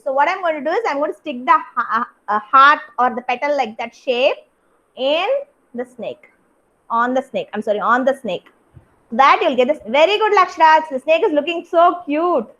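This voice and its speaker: This young woman, who has an Indian English accent, instructs an online kindergarten craft class and praises the children one by one by name. Her high voice has a sharp tone, she talks at a normal speed, and the audio is lo-fi.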